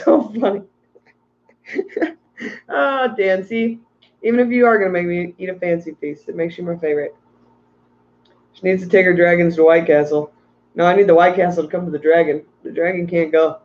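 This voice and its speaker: A man's voice: sits high, fairly even intonation, brisk, highs cut off. A tired man hosting a casual livestream about aquarium fish, rambling and ranting while reading out chat messages. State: tired from little sleep.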